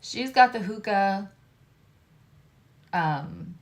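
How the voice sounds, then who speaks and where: A woman's voice: medium pitch, animated, extremely slow, gravelly. A woman reading tarot cards on a live stream, chatting with viewers in a loose, digressive way. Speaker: tarot reader and astrologer.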